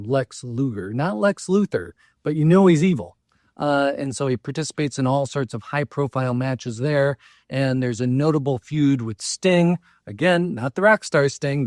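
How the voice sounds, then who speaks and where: A man's voice: medium pitch, dry recording, studio quality. A man hosting a local history podcast, telling stories in a chatty, loose way with lots of fillers and asides. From Minnesota, US. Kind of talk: casual storytelling talk.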